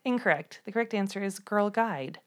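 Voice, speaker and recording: A woman co-hosting a podcast who asks the quiz questions, brisk and matter-of-fact. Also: mid-range voice. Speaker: podcast co-host, quizmaster. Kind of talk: casual quiz chat.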